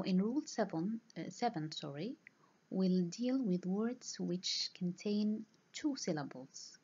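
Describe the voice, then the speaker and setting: A woman lecturer speaks slowly and with care, stopping to repeat each example word. Her voice is husky and sits a little low. The recording sounds dull and lo-fi. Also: warm tone. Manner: slow, deliberate, repeating example words.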